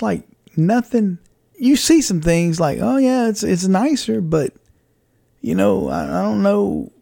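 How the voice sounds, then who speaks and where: A man's voice: on the high side, creaky, a little mellow, no echo, clean studio sound. A man hosting his own podcast, telling a rambling personal story about faith and setbacks, chuckling as he goes. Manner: conversational, rambling, chuckles often, faith-based reflection. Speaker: podcast host and radio broadcaster. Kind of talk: personal reflective monologue.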